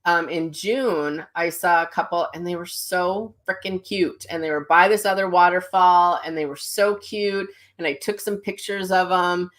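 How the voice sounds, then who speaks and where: A middle-aged psychic medium who hosts her own channel tells viewers a personal story, casual and animated, acting out what people said. Her voice is lowish, at a moderate pace with hardly any pauses.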